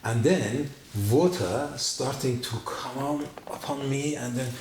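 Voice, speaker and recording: Man, testimony speaker, halting non-native English, animated storytelling, roomy echo with faint hiss. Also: medium pitch. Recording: echoey room with faint noise.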